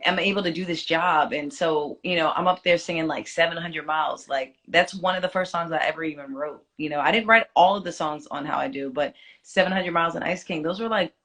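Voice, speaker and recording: A woman's voice: deep voice, a bit bright. A woman in her forties, a singer, chatting reflectively in an interview with many fillers. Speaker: singer guest. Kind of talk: casual interview chat.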